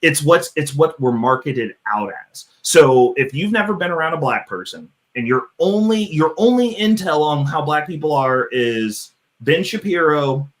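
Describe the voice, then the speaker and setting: Young man on a panel, a bit high voiced, profane and rambling. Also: animated, normal speed, few pauses. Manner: loose and profane, lots of restarts and "like". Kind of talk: casual debate on a live stream.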